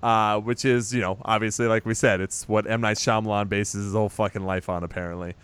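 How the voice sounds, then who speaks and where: Smooth-voiced man recapping a movie. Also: on the low side, fairly even intonation, fairly quick, a bit bright. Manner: chatty, swears casually, teasing. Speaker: podcast host recapping a movie. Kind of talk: casual chat.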